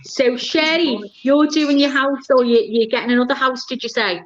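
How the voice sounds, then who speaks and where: A woman's voice: sits high, fairly even intonation, moderate pace. A chatty, self-deprecating woman with an English accent, joining a casual livestream chat by phone from her kitchen. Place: home kitchen. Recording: muffled lo-fi phone audio.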